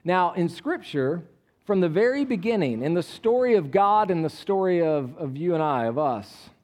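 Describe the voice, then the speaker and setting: A man preaching a sermon in a conversational way, often asking the congregation questions and shifting between quiet asides and a raised voice when reading scripture. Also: sits high, expressive, normal speed. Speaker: pastor.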